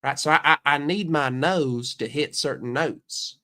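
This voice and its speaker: A man's voice: on the high side, a little slow, sharp tone. American guy, stuffy from a cold, casual stream chat, brash, swearing, mock outrage. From United States. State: sick with a stuffy nose.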